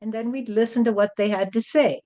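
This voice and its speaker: A woman's voice: a little high, steady tone, a little fast, dark tone. A woman channeling a spirit and speaking as God, blunt and lecturing, often adding "you see".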